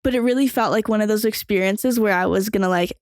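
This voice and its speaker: A young woman tells a story in a loose, rambling way, leaning on filler words and swearing freely. Her voice sits at a middle pitch for a woman. The sound is close and dry, with no room echo. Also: fast. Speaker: podcast host. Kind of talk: casual storytelling.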